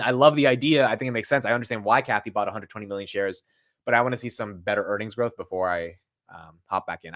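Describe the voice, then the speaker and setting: A man's voice: fairly low pitch, a bit bright. A young man hosting a live stock market show, talking casually and frankly, rambling with restarts and the odd swear word. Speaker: stock market livestream host.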